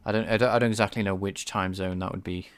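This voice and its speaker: A man's voice: sits low, steady tone, fast talker. A man streaming his game programming, casually thinking aloud and hesitating, repeating himself as he works. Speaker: game developer livestreaming.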